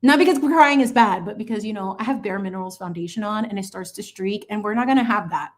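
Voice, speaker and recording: A woman's voice: mid-range voice, fast talker. A woman chatting sassily and playfully while she paints on a livestream, mixing in bits of Spanish. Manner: animated, sassy, playful with lots of asides. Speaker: channel host painting on a livestream.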